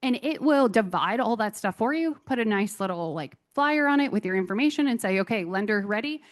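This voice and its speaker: A woman presenting a conference talk on software tools, chatty and enthusiastic with self-deprecating asides. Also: fairly high pitch, expressive, brisk.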